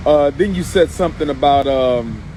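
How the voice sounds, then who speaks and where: A man's voice: fairly high pitch, moderate pace, mellow, a little hiss or hum, low-quality recording. A man giving an emphatic, repetitive, preacher-like live video monologue, speaking from in or near a car outdoors. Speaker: activist livestreamer.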